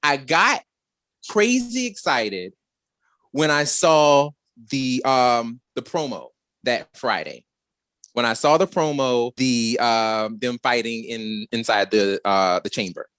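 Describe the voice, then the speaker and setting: A man co-hosting a podcast, talking in an animated, expressive storytelling way in casual chat. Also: medium pitch, slow pace, clear, resonant tone, dry recording. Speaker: podcast co-host.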